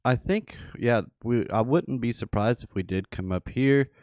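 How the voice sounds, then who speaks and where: A man's voice: medium pitch, unhurried, a little mellow, dry recording, clean studio sound. A man hosting a livestream, giving casual live chart commentary and thinking aloud with repeated phrases. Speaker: livestream host.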